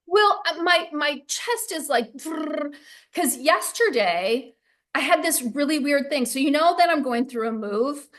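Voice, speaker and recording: A woman's voice: high-pitched, expressive, unhurried, a bit bright. A woman chatting casually about spiritual topics, talkative and often laughing, over a video call. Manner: chatty, laughs often, acts out quoted voices. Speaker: co-host.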